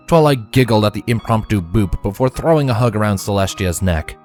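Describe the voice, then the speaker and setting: Man narrating a story, lively and expressive. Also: lowish voice, brisk, few pauses, soft background music. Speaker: fanfiction reader.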